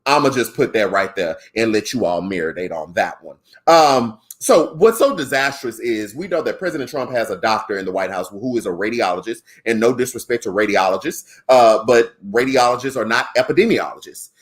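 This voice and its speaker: A man co-hosting a podcast, giving casual political commentary in an animated, slangy, conversational way with a Southern African American accent. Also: medium pitch, fairly quick. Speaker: podcast co-host.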